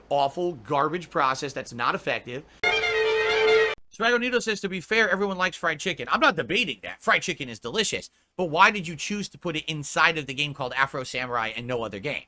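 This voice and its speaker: A male livestreamer talking to his chat in a fed-up, profane rant. His voice sits slightly high and comes out bright and pushy. He reads out viewer comments and picks them apart one after another. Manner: profane, exasperated ranting. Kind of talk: live stream rant.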